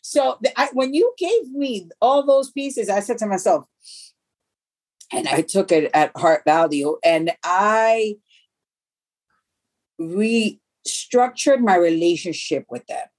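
A middle-aged woman, a guest in an interview, speaking earnestly and haltingly about her grief, with many restarts. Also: mid-range voice, expressive, darkish tone. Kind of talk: emotional personal interview.

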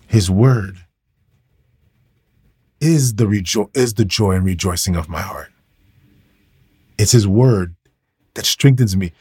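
A man with a lowish, slightly husky voice preaches to a live online audience. He talks casually and with emphasis, repeating key phrases and calling out to "y'all." The sound is close and dry, with no room echo. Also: slow pace, long pauses, warm tone. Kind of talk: livestreamed devotional sermon.

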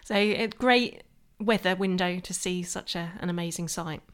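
A woman's voice: lowish voice, moderate pace, clear, resonant tone. Enthusiastic woman co-hosting a podcast. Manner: enthusiastic, laughs easily. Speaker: podcast co-host. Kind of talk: casual chat.

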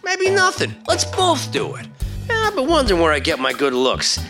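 Um ator interpreta um empresário artístico insistente e brincalhão numa comédia em áudio, falando com entusiasmo de vendedor. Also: male voice, very high voice, huge pitch swings, normal speed, over music, heavily acted. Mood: pushy. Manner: pushy, joking salesman banter. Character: brash wheeling-dealing male talent manager. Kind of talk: comedic audio drama.

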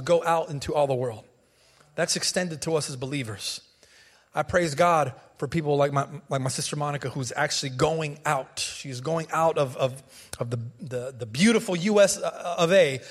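A man in his thirties, an American pastor, preaching a sermon in an animated, conversational way, with humor and repeated phrases. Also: fairly high pitch, long reverb tail. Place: church sanctuary.

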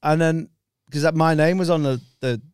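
A man's voice: fairly high pitch, fairly even intonation, darkish tone, clear, resonant tone, dry recording. A man in casual podcast chat, bantering and swearing freely. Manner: sweary banter, quick reactions.

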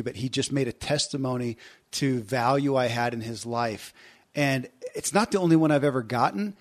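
Host: a man with a mid-range voice, reflective and halting in casual interview talk. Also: mid-range voice. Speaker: podcast host.

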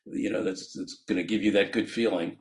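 A man's voice: low-pitched, steady tone, a little fast, darkish tone. A man, a physician guest on a podcast, explaining his ideas earnestly with frequent laughs and restarts.

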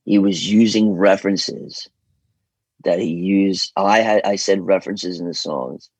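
A deep, husky American man from New York talks in a loose, rambling way, cursing casually as a guest. His voice has a gravelly fry. The recording is dry and close. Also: a little slow, darkish tone, no echo, poor audio. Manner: rambling, loose, swears freely. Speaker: guest vocalist. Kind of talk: casual interview chat.

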